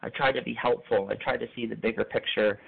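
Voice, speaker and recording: A man's voice: medium pitch, fairly even intonation, fast talker, vocal fry, breathy edge. A school administrator, a man, sharing personal stories in an earnest, reflective way. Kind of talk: personal testimony. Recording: tinny phone-like line.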